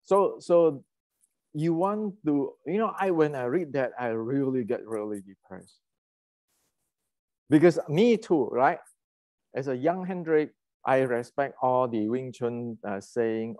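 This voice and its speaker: A man's voice: mid-range voice, expressive, takes it slowly, a little mellow, no room sound. Heated man. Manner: heated, ranting, many restarts and fillers. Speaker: martial arts channel host. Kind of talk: casual lecture.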